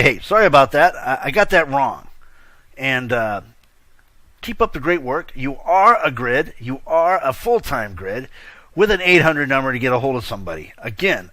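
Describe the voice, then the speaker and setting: Bright and forceful, with a mid-range voice and no room sound, this man hosts a laid-back virtual-world news show. He's excitable and full of slang, laughing frequently and drifting off mid-thought.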